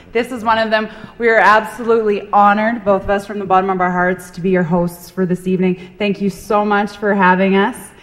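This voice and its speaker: A woman host wraps up a gala evening, thanking the crowd in an upbeat way. Her mid-range voice rings with a long hall reverb. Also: mid-range voice. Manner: upbeat, warm thanks to the audience. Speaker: event host. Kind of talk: closing remarks as host.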